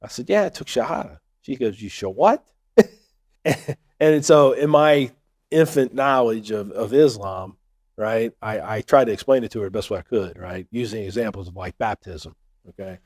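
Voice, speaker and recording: A man's voice: lowish voice, normal speed, darkish tone. Joking, chatty storytelling man. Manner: joking, chatty, keeps saying right. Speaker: convert telling his story. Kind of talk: storytelling talk.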